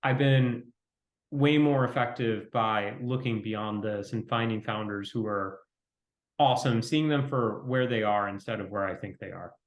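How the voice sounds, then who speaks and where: A man speaking as an interview guest, talking quickly in a fairly flat, reflective way. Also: fairly low pitch. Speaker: venture capitalist guest. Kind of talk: conversational interview. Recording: roomy echo.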